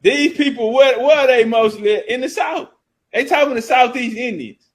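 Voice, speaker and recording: A man with a very high voice offers casual history commentary at a moderate pace, reading source passages aloud and riffing on them in loose, profane street talk. The recording quality is low.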